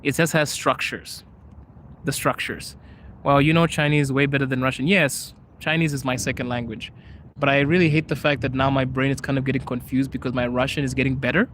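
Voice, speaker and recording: A man's voice: medium pitch, fairly even intonation, a little fast, a bit bright, slight background noise. A young man from Zimbabwe hosting a live chat, answering viewers casually, laughing often and switching languages. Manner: laughs often, switches between English, Chinese and Russian. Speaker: podcast host.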